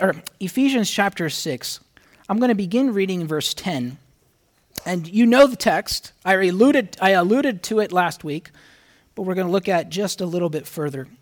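A man preaching a conversational sermon to his congregation, speaking earnestly and reading scripture aloud with rising emphasis. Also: high voice. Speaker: pastor.

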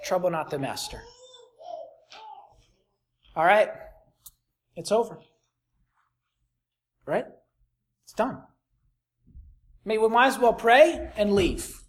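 A pastor preaching a sermon, reading scripture aloud and swinging dramatically from soft to loud with rhetorical questions. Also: medium pitch, lively intonation, slow pace, pauses often. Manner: reads scripture in King James wording.

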